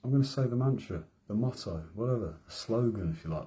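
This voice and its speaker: A man's voice: on the low side, expressive, fast, few pauses, dark tone. A man in his thirties with a Midlands accent, rambling through a late-night vlog monologue with self-mocking asides. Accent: English Midlands. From English Midlands. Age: 30s. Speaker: vlogger. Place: home room at night.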